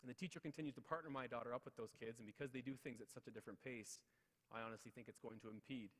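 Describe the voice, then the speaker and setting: A man's voice: medium pitch, steady tone, racing. A man in his thirties giving a motivational speech, telling personal stories with repeated refrains and acted-out quotes. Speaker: keynote speaker. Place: large ceremonial hall at city hall. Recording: long hall reverb.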